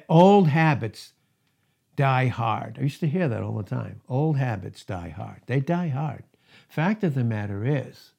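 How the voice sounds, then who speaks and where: A man's voice: fairly high pitch, vocal fry, warm tone. A male pastor preaching a sermon, emphatic, with rising and falling intensity.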